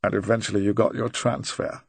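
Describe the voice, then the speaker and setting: A narrator puts on a retired agent of fifty, quiet and deliberate, who lets every word land slowly in a low voice. The recording is close and dry, with no room sound at all. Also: male voice, little pitch movement, gravelly, husky, no echo. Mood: dry, probing.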